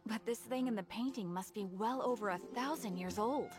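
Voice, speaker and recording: A woman's voice: a little high, moderate pace, lightly acted. A woman voicing an eager, chatty young shopkeeper in a video game, bubbly and salesy, with game music behind. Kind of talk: video game character dialogue.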